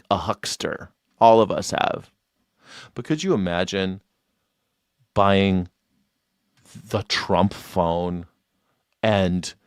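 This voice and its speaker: A man's voice: lowish voice, clean tone, dry recording, clean studio sound. A man hosting a live stream in a sarcastic, mocking tone, laughing often and repeating his taunts.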